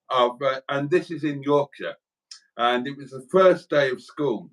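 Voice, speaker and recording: A man's voice: medium pitch, lively intonation, a little slow, poor audio. A British man co-hosting a livestream, telling a rambling anecdote with lots of fillers. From United Kingdom. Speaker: co-host. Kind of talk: casual livestream chat.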